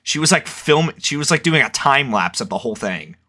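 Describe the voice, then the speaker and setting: A man's voice: mid-range voice, expressive, fairly quick, bright, forceful tone. A young man in casual chat, rambling and swearing, with lots of fillers. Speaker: podcast co-host.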